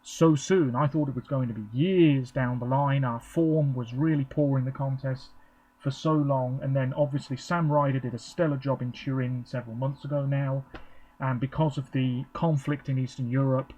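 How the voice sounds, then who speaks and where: With a mellow, medium-pitched voice, an English vlogger rambles through casual live reaction commentary, using lots of ums. The audio has its highs cut off.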